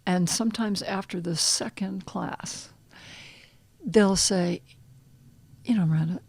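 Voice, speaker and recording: In a podcast interview, a middle-aged woman who works as an animal communication counselor speaks softly and guidingly, sometimes sinking to a hushed near-whisper. Her pitch is medium and her pace slow, with a breathy edge and no room sound.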